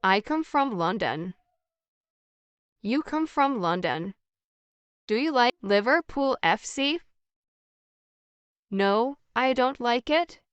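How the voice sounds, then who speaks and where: Very slow, crisp woman's voice. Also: on the high side, fairly bright tone, no echo, muffled recording. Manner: slow, evenly paced, carefully articulated. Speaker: English practice dialogue voice. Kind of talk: scripted conversation reading.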